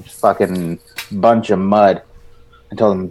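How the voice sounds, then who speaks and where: A man's voice: mid-range voice, normal speed, a little mellow, low-quality recording. A man hosting a casual live group chat, telling profane, jokey stories. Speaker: host of a live vaping show.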